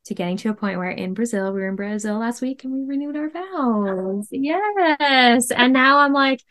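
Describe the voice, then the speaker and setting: Animated woman sharing a personal story. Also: on the high side, moderate pace, hardly any pauses. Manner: animated, emphatic, many "like" fillers. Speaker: podcast guest.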